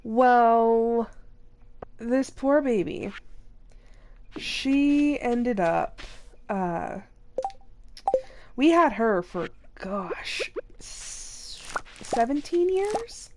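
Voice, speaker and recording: A woman's voice: on the high side, lively intonation, very slow, long pauses, background noise. A young woman streaming a farming game, chatting casually and rambling through a story with many fillers and restarts, emotionally drained. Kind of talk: casual live-stream chat while playing. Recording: game music behind voice.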